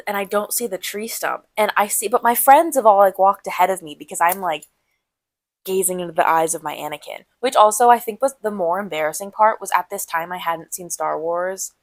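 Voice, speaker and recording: A nineteen-year-old woman co-hosting a casual podcast, spinning a long anecdote with quick asides and sudden swings in energy. Her voice sits mid-range and is recorded close and dry, with almost no room sound. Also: mid-range voice, no echo. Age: young adult. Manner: animated, rambling with quick asides. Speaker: podcast co-host. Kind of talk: casual storytelling chat.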